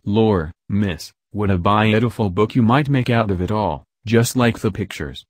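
Man reading as eager young heroine narrator, brisk storytelling, low voice, dry audiobook. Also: dry recording. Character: lively adventurous young woman narrator.

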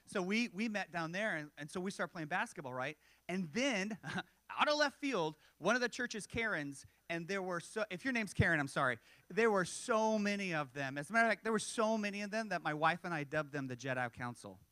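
A man in his forties delivering a sermon like a chat with friends, breaking off into jokes and asides. His voice sits a little high for a man. The sound is dry and close, with no room echo. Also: animated, brisk, pushed and bright. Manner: conversational, self-deprecating humor with frequent asides. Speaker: pastor.

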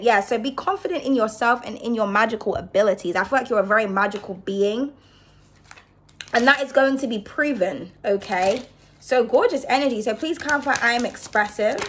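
A woman's voice: fairly high pitch, a little fast, fairly bright tone, slight background noise. A woman giving a casual card reading to her viewers, chatty and reassuring, often checking in with "okay?". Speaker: tarot card reader.

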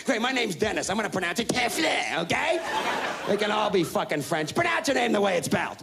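A man in his thirties doing a loud, profane stand-up rant on a live stage. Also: high-pitched, big pitch swings, a little fast, gravelly, noisy background. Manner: loud, profane, ranting, mocking voices. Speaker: stand-up comedian. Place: stage before a live audience. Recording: live stage recording with audience.

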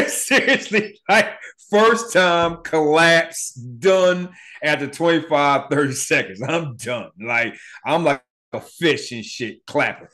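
A middle-aged man hosting a podcast, telling a personal story in a casual, profane way and acting out the voices of the people in it. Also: fairly high pitch. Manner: animated, profane, acts out voices in his retelling. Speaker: podcast host.

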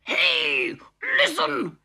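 A woman voicing a nervous young male frog with hiccups, reading a storybook aloud in a halting, anxious way. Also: sits low, sing-song, vocal fry, bright, forceful tone, breathy edge, voice pushed down, full character voice. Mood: worried.

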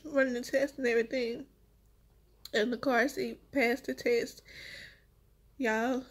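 Husky-voiced woman telling her story. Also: on the high side, fairly even intonation, unhurried, long pauses. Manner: emotional, talks straight to viewers. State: one week after giving birth. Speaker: vlogger, new mother. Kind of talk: casual storytelling to viewers.

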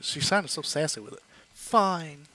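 A man giving casual let's-play commentary, animated and quick to exclaim. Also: medium pitch. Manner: animated, exclaiming at game moments. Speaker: gamer.

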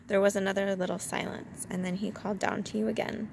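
A woman reading a children's storybook aloud in a calm, measured way. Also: mid-range voice, creaky, a little hiss or hum.

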